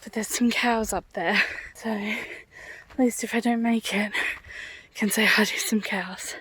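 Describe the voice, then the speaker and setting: A young Australian woman from Western Australia narrating a casual travel vlog outdoors on walking trails. She talks in a relaxed, chatty way, often dropping into a hushed whisper. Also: on the high side, slow, breathy edge, no room sound. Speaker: travel vlogger. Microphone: handheld camera.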